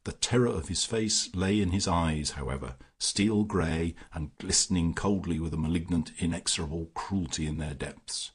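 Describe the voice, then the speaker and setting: A man narrating a classic detective story in the first person, measured and even. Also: low voice, breathy edge. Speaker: audiobook narrator.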